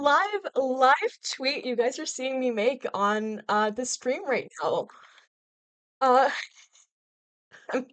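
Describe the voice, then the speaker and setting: A woman hosts a live hockey reaction stream, her voice high and her delivery slow and drawn out. She exclaims, repeats herself and laughs in nervous alarm as she talks. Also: animated, a bit bright. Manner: panicked, exclaiming, laughing, repetitive.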